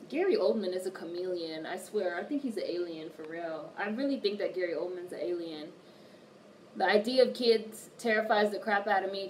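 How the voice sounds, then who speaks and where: A woman hosting a casual livestream, reading viewer comments aloud and answering them with plenty of swearing. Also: fairly low pitch. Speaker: livestream host. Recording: distant mic with faint background noise.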